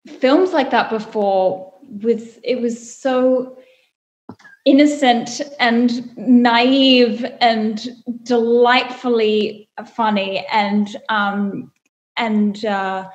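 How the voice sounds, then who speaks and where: A woman's voice: on the high side, highs cut off. A young woman, an actress chatting thoughtfully in an interview with many fillers. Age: young adult. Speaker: actress guest. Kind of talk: casual interview chat. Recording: roomy echo.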